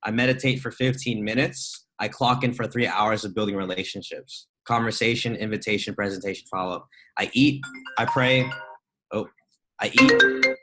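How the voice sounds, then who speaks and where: A young man giving an energetic, chatty motivational talk to a group on a video call. He often adds "right?" and laughs as he goes. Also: lowish voice, normal speed, music in the background, rough recording. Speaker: trading mentor speaking to a group call.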